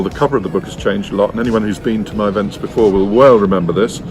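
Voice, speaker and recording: A man who writes children's books, giving a playful talk to a festival audience and jumping into silly squeaky voices. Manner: animated, silly, jumps into squeaky comic voices. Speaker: children's author.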